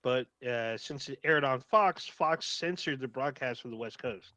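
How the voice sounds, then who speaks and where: Male co-host, mid-pitched, casual, filler-heavy, dry close mic. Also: a little slow, pushed and bright, no echo. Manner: reads facts aloud with fillers, laughs easily. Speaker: podcast co-host. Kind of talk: casual podcast chat.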